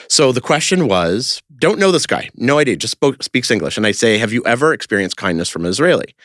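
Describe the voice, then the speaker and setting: A man's voice: on the low side, very animated, fairly quick, hardly any pauses, a bit bright, dry recording, clean studio sound. A man talking casually as a podcast guest, telling stories in a rambling way with lots of fillers and restarts. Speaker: interview guest, creator of a street-question video project.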